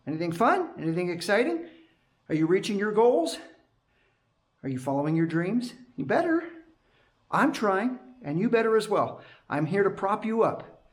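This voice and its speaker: A man's voice: high-pitched, sing-song, moderate pace. A man working as a night security guard, chatting casually to his action camera from a gate booth in a rambling, restless way. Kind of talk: casual vlog chat to camera.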